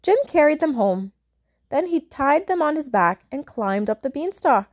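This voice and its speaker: A woman reading a picture book aloud for children, pausing to explain words and point out pictures. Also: high voice, lively intonation. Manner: warm, explaining asides to young listeners. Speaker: storyteller.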